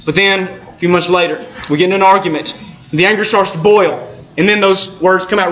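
Guy preaching in an echoey room, high bright voice, slow earnest emphasis, kinda dull sound. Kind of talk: sermon.

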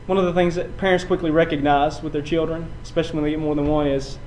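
A man preaching a sermon, building from quiet passages to loud, emphatic runs and often repeating his words. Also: on the high side, flat delivery, quick pace, slight background noise, low-quality recording. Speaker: pastor.

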